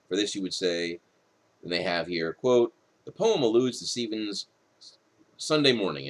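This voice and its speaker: Male writing teacher, low voice with a lively lilt, late-night recorded lecture, reads from the textbook and adds casual asides. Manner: explanatory, with casual asides and restarts. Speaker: writing instructor.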